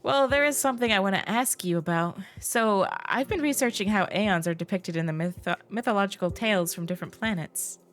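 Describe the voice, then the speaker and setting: A woman's voice: medium pitch, brisk, hardly any pauses, fairly bright tone, soft background music, close to an everyday voice. A woman voicing a nervous, evasive young woman researcher in a game, stammering and hesitant.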